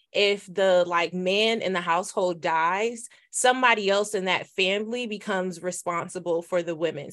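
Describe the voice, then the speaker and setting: A woman's voice: fairly low pitch, fairly bright tone. A woman co-hosting a casual faith podcast, retelling a Bible story in a chatty way and laughing now and then. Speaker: podcast co-host.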